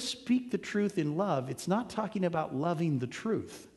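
A man's voice: fairly high pitch, lively intonation, measured pace, few pauses, darkish tone. A male pastor giving an earnest, conversational sermon, driving points home with emphatic repetition. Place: church sanctuary. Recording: long hall reverb.

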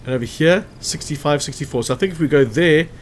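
A man's voice: a little high, fast, slight background noise. A man casually commentating a strategy game walkthrough, chatty and thinking aloud as he checks hit chances. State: hiccuping after lunch. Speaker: gameplay commentator.

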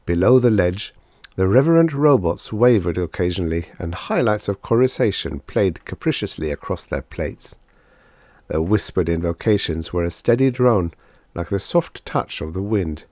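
A man reading a vintage science fiction story aloud in an expressive storytelling manner. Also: deep voice, moderate pace, no room sound. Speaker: audiobook narrator. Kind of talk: scripted narration.

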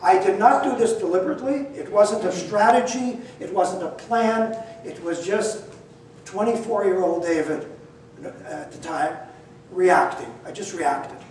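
An older man telling a personal story in an animated, self-deprecating way, acting out the dialogue himself. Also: high voice, unhurried. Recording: echoey room, distant mic, faint noise.

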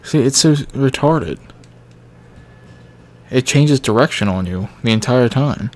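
A young man giving casual let's-play commentary on a video game, candid and reacting loudly to what happens on screen. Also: medium pitch, animated, slow, long pauses. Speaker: gameplay commentator.

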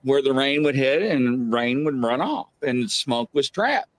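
A man's voice: mid-range voice, measured pace, no room sound. A middle-aged man, casually telling a ghost story and acting out the voices. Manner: animated, acts out quotes loudly. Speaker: guest telling paranormal experiences.

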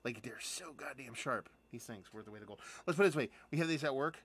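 Bright, rambling, chatty man. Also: mid-range voice, expressive, fast talker, husky. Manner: rambling and chatty, with many fillers and restarts; enthusiastic, swears casually. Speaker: beer reviewer and channel host. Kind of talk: casual live unboxing chat.

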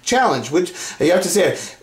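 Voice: medium pitch, very animated, a little fast. Rambling, insistent vlogger in an echoey room. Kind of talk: casual rambling monologue to camera.

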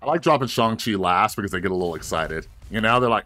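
A low-pitched man talks his viewers through a card game, his voice swinging widely between calm asides and excited outbursts. He chats casually into a desk mic, addressing the audience directly, with faint music playing underneath. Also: fast, hardly any pauses. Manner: animated, chatty, talks to viewers, bursts of excitement. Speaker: gaming video host. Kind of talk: casual gameplay commentary.

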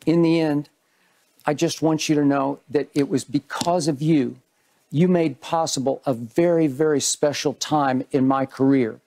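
An older man, a TV sports debate host, giving an earnest and measured on-air tribute to his departing co-host. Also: on the high side, steady tone, dark tone. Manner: measured, earnest, reads in repeated phrases.

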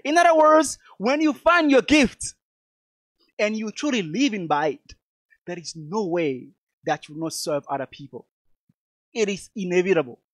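A man's voice: high-pitched, animated, normal speed, fairly bright tone, no room sound. A man from Togo, giving an emphatic motivational speech and calling his audience "lovely people". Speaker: motivational speaker.

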